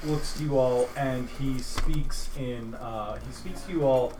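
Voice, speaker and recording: A man narrating as game master in casual, halting talk. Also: medium pitch, mellow, slight background noise. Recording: roomy with faint music.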